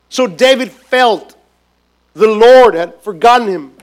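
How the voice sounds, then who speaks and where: A man preaching a sermon as a pastor, emphatic and repetitive, swinging between loud stresses and hushed lines. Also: sits high, slow. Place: church gathering.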